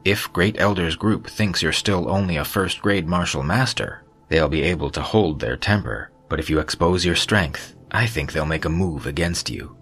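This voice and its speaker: A man voicing a stern middle-aged clan patriarch who speaks curtly and gruffly to his son. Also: low voice, moderate pace, hardly any pauses, a bit bright, soft background music, exaggerated voice. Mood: cautioning.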